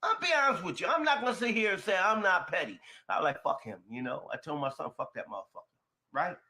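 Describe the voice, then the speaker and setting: A man telling a personal story in an emphatic, expressive way, going from quiet to loud. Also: sits high, fast. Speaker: storyteller in a shared video.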